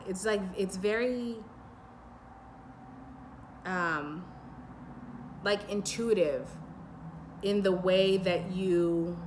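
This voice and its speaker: A woman giving a pick-a-pile tarot reading to her viewers, rambling and intuitive, full of fillers and restarts, and slowing down to a soothing pace in places. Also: mid-range voice, a little hiss or hum. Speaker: tarot reader.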